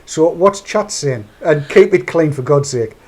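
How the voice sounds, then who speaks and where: A man with a notably high voice hosts a casual panel chat. He talks in a wry, teasing, animated way. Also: unhurried. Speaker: show host.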